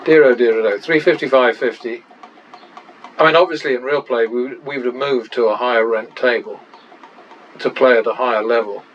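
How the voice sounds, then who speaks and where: A man's voice: mid-range voice, fairly even intonation, moderate pace, fairly bright tone, lo-fi sound, slight background noise. A man and channel host talking through practice casino betting, muttering running tallies with wry exclamations.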